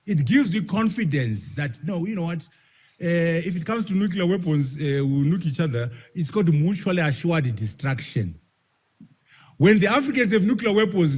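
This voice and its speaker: A man with a slightly high, husky voice gives an animated public speech. He leans on key words, repeats phrases and keeps asking his listeners rhetorical questions. His pitch swings widely as he drives each point home. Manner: emphatic, asks the audience rhetorical questions. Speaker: speaker at a public forum.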